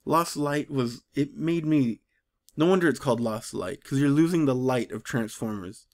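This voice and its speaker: A man vlogging about comics in an exasperated, animated rant, rambling and mocking as he goes. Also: medium pitch, normal speed. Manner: rambling with frequent restarts. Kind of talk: casual ranting commentary.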